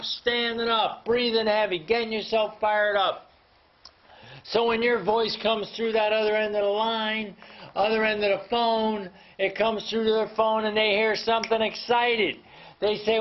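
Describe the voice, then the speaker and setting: A man giving a motivational talk to an audience, emphatic and fired up, speaking to them directly. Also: sits high. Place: hall with live audience. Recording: dull lo-fi sound.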